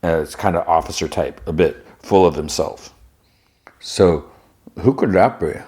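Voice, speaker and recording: A man's voice: deep voice, a little slow, dark tone, husky. A man hosting a podcast, casually recapping an episode and thinking aloud as he retells the scenes. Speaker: podcast host.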